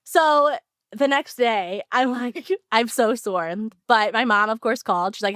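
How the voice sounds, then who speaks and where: A woman co-hosting a podcast, telling an animated story in casual chat with lots of "like" fillers. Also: fairly high pitch, brisk, smooth, dry recording, studio quality. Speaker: podcast co-host.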